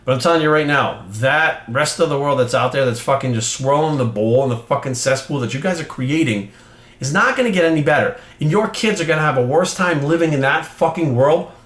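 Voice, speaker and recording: A man's voice: mid-range voice, a bit bright. Blunt swearing man ranting, roomy echo. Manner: blunt, heated, heavy swearing, repetitive emphasis. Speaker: fitness trainer and channel host. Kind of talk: profane opinion rant to camera.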